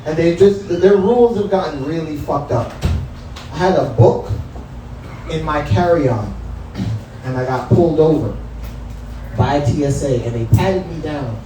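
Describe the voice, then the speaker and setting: A man performs stand-up in a small club, a comedy room inside a cannabis lounge, trading loose, profane banter directly with the audience. His voice sits on the high side, measured and full of long pauses, and the distant mic catches heavy echo and background noise.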